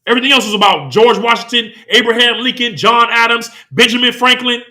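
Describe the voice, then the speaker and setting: This male preacher has a very high-pitched voice with a steady tone, delivered briskly and with a pushed, bright quality. Speaking in a congregation hall, he gives an impassioned sermon full of rhetorical questions, reads scripture between points, and slips into quoted voices.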